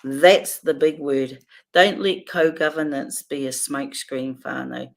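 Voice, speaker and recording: Brief: New woman hosting a livestream, low gravelly voice, chatty. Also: fairly even intonation, unhurried. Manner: chatty, laughs often between remarks. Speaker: livestream host. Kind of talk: casual livestream chat reading viewer comments.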